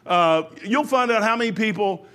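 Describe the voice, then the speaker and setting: A man's voice: high voice, animated, moderate pace, a bit bright. A man preaching a sermon in a folksy, rambling way, full of restarts.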